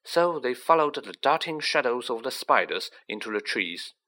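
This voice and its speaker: A man's voice: mid-range voice, very animated, moderate pace, bright, forceful tone. A man reading a children's story aloud, narrating with acted character voices. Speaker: audiobook reader.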